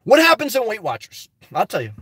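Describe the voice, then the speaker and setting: A man's voice: high-pitched, huge pitch swings, a little fast, a bit bright, slightly rough, no echo. A man hosting a livestream, reading viewer comments aloud in rambling, preachy talk and laughing often. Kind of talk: casual live chat.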